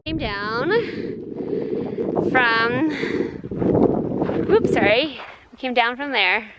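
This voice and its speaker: A woman's voice: a little high, extremely slow. A woman vlogging while hiking on a mountain trek, chatty and upbeat, out of breath. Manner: chatty, upbeat, laughs often. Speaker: travel vlogger. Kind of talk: casual travel vlog narration. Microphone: handheld camera. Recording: outdoor recording with noise.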